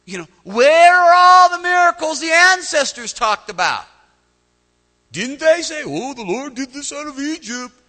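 A man's voice: medium pitch, sing-song, a little slow, long pauses, bright, forceful tone, in a large hall, heavily acted. A man playing a sarcastic, doubting young male warrior in a sermon, sounding complaining.

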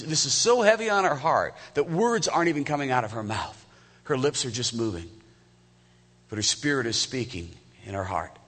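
A man in his fifties preaches a sermon as a pastor, talking in a conversational way and putting questions straight to the listeners. His voice is bright and forward. A long echo hangs behind him from a large hall. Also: mid-range voice. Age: 50s. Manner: conversational, asks the congregation direct questions. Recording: echoey hall.

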